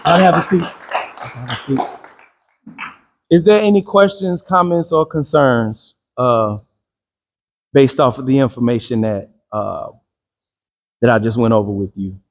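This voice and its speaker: A man's voice: mid-range voice, measured pace, long pauses, big-room sound. A man giving a motivational talk to a live group with call-and-response. He speaks emphatically in casual slang and repeats his phrases. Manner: slang-heavy casual speech.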